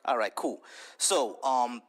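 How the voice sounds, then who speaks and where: A man hosting a live online debate, cutting in, repeating words in quick bursts and swearing freely. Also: medium pitch, heavy background noise. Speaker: debate stream host.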